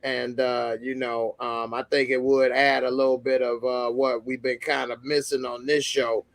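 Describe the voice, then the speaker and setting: A man's voice: mid-range voice, level tone, moderate pace, dry recording. A man hosting a casual TV recap chat, laid-back and slangy, laughing often. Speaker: show host.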